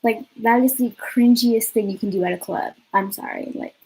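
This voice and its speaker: A woman's voice: fairly high pitch, moderate pace, gravelly, mellow, a little hiss or hum, low-quality recording. A young woman vlogger telling a casual, rambling story, swearing freely and saying "like" often. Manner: rambling, profane, lots of 'like'.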